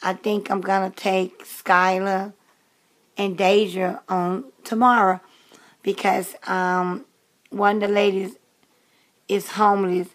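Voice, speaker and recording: A woman's voice: medium pitch, little pitch movement, slow, long pauses. A woman in her late fifties chatting casually to camera in a rambling way, with many fillers and restarts. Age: 50s. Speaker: vlogger.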